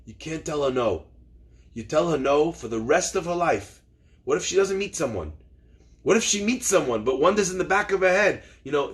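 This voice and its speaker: A man voicing an older revered rabbi who speaks gently and persuasively. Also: fairly high pitch.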